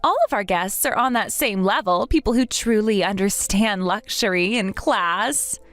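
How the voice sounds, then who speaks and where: A woman's voice: medium pitch, moderate pace, fairly bright tone, soft background music, lightly acted. A woman voicing a haughty, mocking snob of a bride. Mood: scornful. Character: snobbish entitled young bride, condescending. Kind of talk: dramatized story voice acting.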